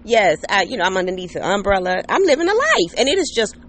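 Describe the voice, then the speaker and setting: A woman's voice: medium pitch, sing-song, quick pace, a bit bright, a little hiss or hum. A woman hosting her own podcast outdoors, chatting casually and cheerfully, often checking in with listeners. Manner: chatty and upbeat, talks to listeners directly with many "okay?" and "right?". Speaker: podcast host. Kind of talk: casual solo podcast monologue. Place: outdoors under an umbrella on a patio. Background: neighbor's air conditioner.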